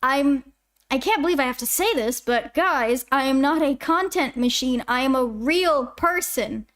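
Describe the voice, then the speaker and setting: A woman's voice: sits high, lively intonation, moderate pace, fairly bright tone. A twenty-year-old woman from Canada, a YouTube animator, chatting casually on a livestream as she answers chat questions in a rambling way. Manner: chatty, rambling, self-interrupting.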